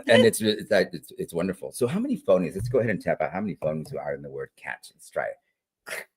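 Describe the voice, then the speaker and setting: A man with a low, deep voice talks through classroom teaching in a relaxed interview. His delivery is animated, rising and falling widely as he demonstrates sounds and checks in with "right?" and "all right?". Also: quick pace, husky. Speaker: guest literacy educator. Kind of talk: conversational interview.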